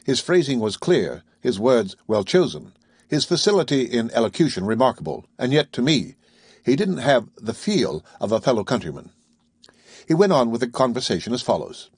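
A man's voice: mid-range voice, sing-song, normal speed, a little mellow, husky, dry recording, studio quality. A man narrating a classic novel as an audiobook, reading steadily and evenly.

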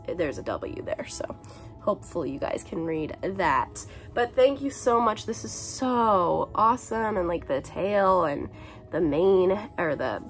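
Bubbly woman in her twenties, slightly sick, lively pitch, light music bed. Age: 20s. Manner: bubbly, gushing, breaks into brief song bits. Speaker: YouTuber unboxing a swap package. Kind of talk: casual unboxing chat.

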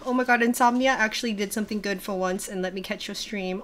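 A woman's voice: mid-range voice, fast, fairly bright tone. Young woman, livestream host, casual chat, laughs a lot, swears, at her home desk.

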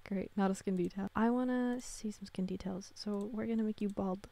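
A woman's voice: mid-range voice, steady tone, brisk, gravelly, warm tone. A young woman giving casual, gushing commentary while playing a computer game, cooing over tiny characters. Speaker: gaming creator.

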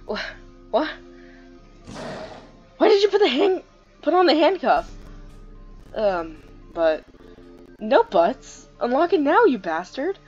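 A furious, hot-tempered handcuffed captive shrieks threats, high and loud, as a woman puts it on. The voice jumps well above her usual pitch. The recording is slightly muffled. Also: fairly even intonation, very slow, soft background music. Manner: shouting, threatening.

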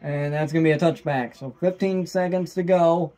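Amateur fan commentator, male, high voice, excitable, shouts at big plays, lots of "wow". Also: moderate pace. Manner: casual fan talk, repeats "wow". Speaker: fan doing live play-by-play commentary. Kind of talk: amateur live sports commentary.

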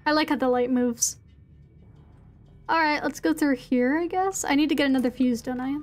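A woman's voice: high voice, normal speed, faint music behind. A young woman streaming a horror game, chatting casually with her chat and swearing now and then.

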